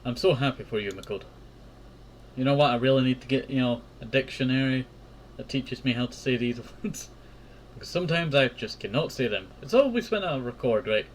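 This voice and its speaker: A man hosts a relaxed game playthrough at a middling pitch. He trips over words and chuckles at his own slips. A faint hiss of noise sits in the background. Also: brisk. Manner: stumbles over words and laughs at himself. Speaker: gameplay host. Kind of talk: casual game playthrough commentary.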